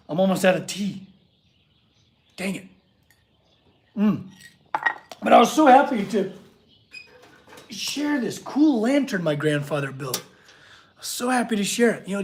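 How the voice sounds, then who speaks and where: A man hosting a casual livestream from his workshop, earnest and emotional as he gushes and reacts to the chat. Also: high-pitched. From California. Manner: earnest, emotional, gushing, reads chat aloud. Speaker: livestream host, blacksmith artist.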